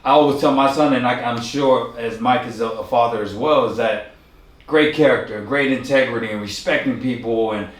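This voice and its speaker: Man, interview host, rambling questions, mid pitch, echoey room, distant mic. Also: fairly quick. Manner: rambling, wraps up with summaries. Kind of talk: casual interview hosting.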